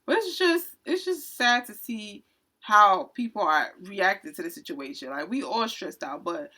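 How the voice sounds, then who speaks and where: A woman who works as a retail cashier, telling a story from her job in an indignant, animated storytime rant. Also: medium pitch, unhurried.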